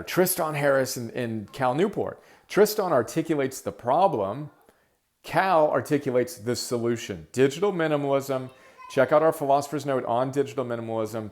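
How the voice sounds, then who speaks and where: A middle-aged man hosting his own podcast, talking solo in an energetic, emphatic, rambling way with many fillers. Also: medium pitch. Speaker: podcast host. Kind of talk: casual solo monologue.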